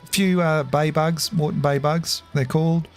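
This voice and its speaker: A man's voice: fairly high pitch, fairly even intonation, moderate pace, faint music behind. A middle-aged Australian man chatting casually over a game, rambling with lots of fillers and restarts and laughing easily. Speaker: gaming streamer. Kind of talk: casual gameplay commentary.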